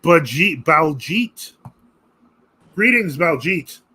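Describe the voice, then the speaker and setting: Husky-voiced man hosting a live stream. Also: fairly high pitch, lively intonation, drawn-out words, sharp tone, rough recording. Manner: chatty, reads viewer comments aloud and reacts on the fly. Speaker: host of a live religious Q&A stream. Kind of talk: casual live-stream chat.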